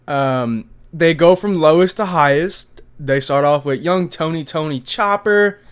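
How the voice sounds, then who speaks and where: A young man in his twenties, with a clean voice on the high side, reviews a manga chapter for his anime vlog. He's loose, slangy, and chatty, swearing casually as he goes.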